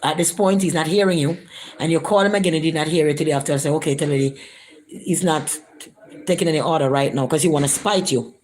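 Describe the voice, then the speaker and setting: Low-voiced woman telling a story. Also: quick pace. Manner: animated, acts out quoted voices, rising pitch for quotes. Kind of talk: casual storytelling vlog.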